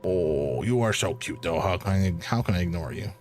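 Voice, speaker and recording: A man's voice: low voice, animated, moderate pace, a little mellow, soft background music. A man giving casual commentary while playing a mystery game and reading on-screen text aloud. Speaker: game streamer.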